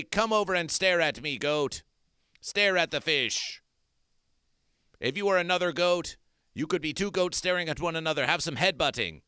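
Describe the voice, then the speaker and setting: A man's voice: fairly high pitch, bright, forceful tone, clear, resonant tone, no room sound, clean studio sound. A man hosting an absurdist comedy stream, talking in a theatrical, repetitive, chanting way. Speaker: host.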